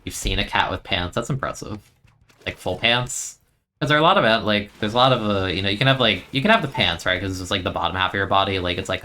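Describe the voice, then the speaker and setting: A man's voice: low voice, sharp tone. A young man streaming a video game, chatting in a rambling, easygoing way and laughing often. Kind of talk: casual gameplay commentary.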